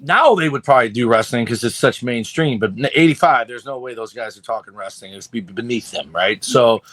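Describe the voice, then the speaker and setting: A man co-hosting a casual podcast, retelling movie scenes in a loose, profane, animated way. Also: mid-range voice, fairly quick. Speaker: podcast co-host. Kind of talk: casual chat.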